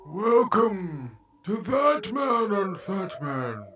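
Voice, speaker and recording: A man hosting a podcast chat while voicing the masked villain Bane in a slow, creepy, theatrical way. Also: high voice, sing-song, fairly bright tone, voice pushed up, full character voice. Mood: grandiose. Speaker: host.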